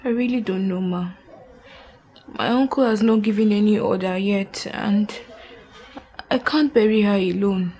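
An actress playing a young grieving orphan who speaks quietly and respectfully. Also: female voice, mid-range voice, unhurried, pauses often, natural voice. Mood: subdued. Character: confused grieving orphan girl.

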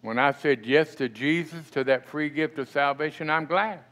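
A man's voice: a little high, normal speed, fairly bright tone, slight background noise. A middle-aged male pastor preaching a sermon in a church, talking conversationally and often asking the congregation questions. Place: church sanctuary.

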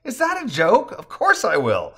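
A man's voice: on the high side, moderate pace, pitched above the performer's own voice. A man doing a boisterous, boastful husband. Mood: excited. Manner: excited, boastful, loud.

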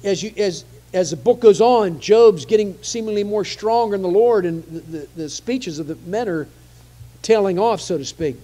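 A man's voice: high voice, moderate pace, mellow. A man preaching a conversational sermon, often repeating phrases for emphasis.

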